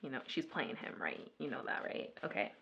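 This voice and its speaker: A woman vlogger chatting casually through a makeup video, retelling a story in an animated way with lots of filler words. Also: rumbling low, brisk, creaky, breathy edge, highs cut off. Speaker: beauty vlogger. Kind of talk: casual makeup vlog chat.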